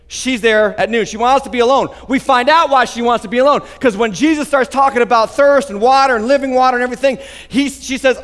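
A male pastor preaching a sermon in an animated, emphatic way with quick asides. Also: very high-pitched. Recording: long hall reverb.

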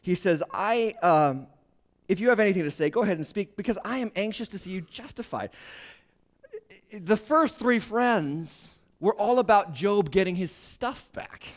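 A middle-aged male pastor preaching a sermon, emphatic, swinging from quiet asides to shouted points. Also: sits high, expressive, normal speed.

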